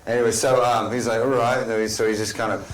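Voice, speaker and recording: Deep-voiced rambling game player. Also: male voice, little pitch movement, racing, slight background noise. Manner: rambling, hesitant, full of ums. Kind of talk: tabletop game talk.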